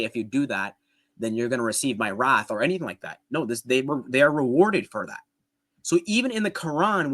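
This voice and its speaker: A man talks through his reasoning in a relaxed, conversational way, pausing on clips and breaking down each point. His voice sits in an average middle pitch. He restarts sentences and keeps asking "right?" to carry the listener along. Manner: explains step by step, often checks in with "right?". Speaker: apologetics video host. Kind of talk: casual commentary responding to a debate clip.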